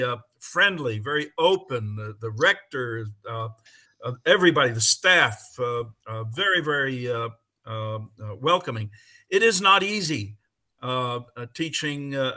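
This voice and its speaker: A middle-aged man answering questions as a conference panelist over a video call, halting and full of fillers but enthusiastic. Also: medium pitch, sharp tone. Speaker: conference panelist and English teacher.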